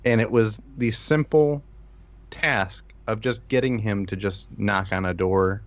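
Low-voiced man rambling about his game. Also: fairly even intonation, a little slow, dry recording. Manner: rambling, repeats "just", chuckles. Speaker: player. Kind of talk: casual chat about a tabletop game. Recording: dull lo-fi sound.

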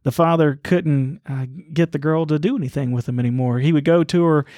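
A man co-hosting a Bible study podcast, telling a story in an earnest, halting way. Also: fairly high pitch, steady tone, darkish tone, no echo. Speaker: podcast co-host.

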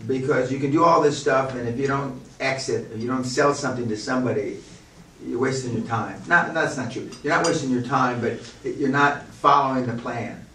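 A man's voice: medium pitch, fairly quick, pushed and bright, slight background noise. An older man, in his sixties, speaks bluntly and rambles through a business seminar lecture. He is heard from a distance in a strongly echoing room. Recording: echoey room, mic from far off.

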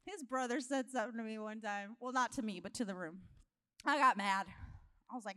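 A woman preaching a humorous sermon in a conversational style, telling animated stories and laughing often. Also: on the high side, fairly quick, clean tone. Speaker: guest preacher.

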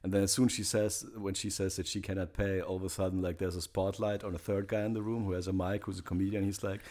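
A man's voice: deep voice, level tone, fast, hardly any pauses, warm tone. A man from Russia, a guest in casual podcast chat, hesitant with many fillers. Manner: hesitant, many fillers and restarts, laughs at own jokes.

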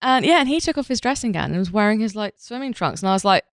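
A woman's voice: mid-range voice, lively intonation, fast talker, no room sound, studio quality. A woman hosting a podcast, telling a rambling, self-mocking story full of filler words. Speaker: podcast host.

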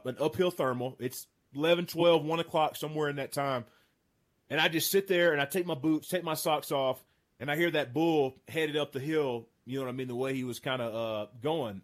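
A man in his thirties hosting a casual chat, telling a hunting story with excitement and frequent laughs. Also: on the high side. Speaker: podcast host. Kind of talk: casual storytelling among friends.

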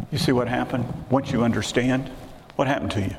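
A man's voice: mid-range voice, a little fast. An older man, preaching a sermon in a conversational way and putting rhetorical questions to the congregation. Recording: echoey hall with clear background hiss.

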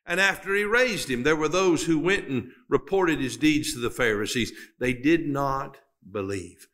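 A man with a voice on the high side and a bit bright preaches a sermon. He pauses dramatically, builds to emphatic climaxes, and reads scripture in old-fashioned wording.

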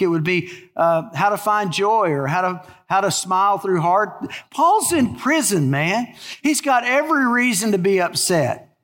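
Male pastor, conversational storyteller, leans hard on key words, high-pitched, long church-hall echo. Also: a bit bright. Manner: conversational storytelling preacher with emphatic stretched words. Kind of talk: sermon.

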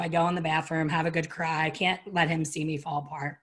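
This middle-aged interview guest has a deep voice and talks fairly quickly. Animated and open, she recounts a personal story and acts out the voices she's quoting.

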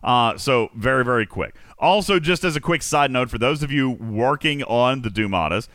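Male host, casual gaming podcast, bright forceful tone, lively rambling delivery, dry close mic. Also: medium pitch, moderate pace, dry recording. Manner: animated, teasing, rambling.

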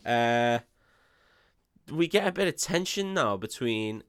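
A man's voice: medium pitch, expressive, slow pace, a bit bright, smooth, no echo. A man, co-hosting a podcast and recapping a film in casual, sweary chat, laughing often and putting on drawls for quotes.

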